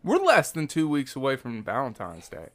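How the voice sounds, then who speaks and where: Male podcast co-host, crude jokester, relaxed, mid-pitched voice. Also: normal speed. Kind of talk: casual joking chat.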